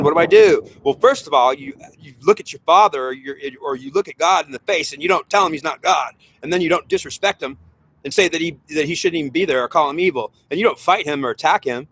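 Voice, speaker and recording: Man, fairly high voice, heated spiritual monologue, agitated, rambling, repetitive. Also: a bit bright, breathy edge.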